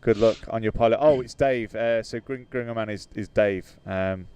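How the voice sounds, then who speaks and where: A man's voice: lowish voice, moderate pace, a little mellow, a little hiss or hum. A British man hosting a flight sim livestream in casual chat, hesitant with many fillers, reading out viewer comments and laughing easily.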